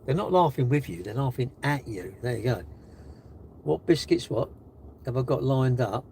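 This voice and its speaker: A man's voice: mid-range voice, lively intonation, moderate pace, darkish tone, slight background noise. A man with a British accent on a live stream, sitting in his car, reading viewers' comments aloud and answering them with sarcastic, mocking jabs. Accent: British English. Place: in a car while charging it.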